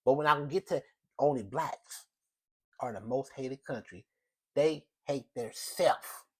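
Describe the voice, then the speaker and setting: An American show host delivers an opinionated solo monologue that rambles, repeats itself, and restarts. He's emphatic, with a medium-pitched voice that's a little slow and has a breathy edge.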